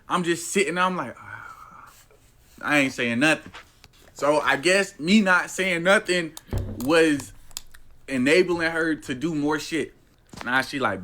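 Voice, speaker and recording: A man's voice: fairly high pitch, slight background noise. Slangy young man telling a story. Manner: slangy, animated, says bro constantly. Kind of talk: casual storytelling.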